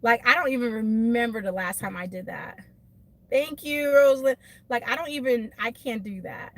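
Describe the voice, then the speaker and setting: A woman beauty vlogger ranting animatedly to her live viewers from her car, emphatic and quick to laugh. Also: fairly high pitch. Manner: animated, emphatic, laughs often, talks to chat by name. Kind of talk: casual venting rant to live viewers.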